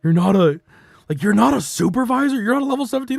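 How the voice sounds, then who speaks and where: A man's voice: very high-pitched, lively intonation, quick pace, vocal fry, no echo. A young man streaming, telling a work story in a rambling, profane way, with frequent laughs and restarts.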